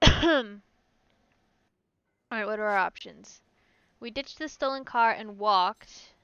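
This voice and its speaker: A woman's voice: mid-range voice, slow, fairly bright tone, smooth, no room sound, muffled recording. A woman streaming a story game, reading it aloud and chatting about her choices as she goes. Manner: chatty, reacts aloud to the game, stumbles over hard words.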